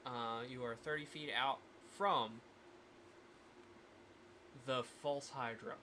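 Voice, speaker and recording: A man acting as game master on a live stream, thinking aloud with many pauses as he runs the scene. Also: mid-range voice, fairly even intonation, sharp tone, a little hiss or hum.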